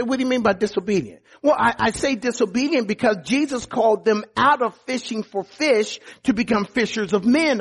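A man preaching a sermon as pastor, emphatic, often repeating words and dropping to quiet low lines. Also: husky.

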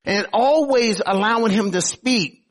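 Husky-voiced male preacher. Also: high voice, unhurried. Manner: emphatic, conversational preaching with sudden swings in loudness. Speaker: pastor. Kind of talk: sermon.

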